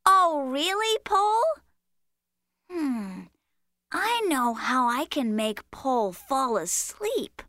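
A woman's voice: high voice, animated, slow, bright, forceful tone, no echo, studio quality, exaggerated voice. A woman voicing a patient, playful cartoon critter who tells a bedtime story in a sing-song, coaxing manner. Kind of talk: children's cartoon voice acting.

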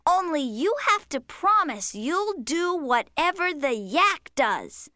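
A woman's voice: sits high, sing-song, slow, sharp tone, no room sound, clean studio sound, exaggerated voice. A woman doing a sing-song cartoon storyteller critter. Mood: patient. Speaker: bedtime storyteller. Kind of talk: children's cartoon voice acting.

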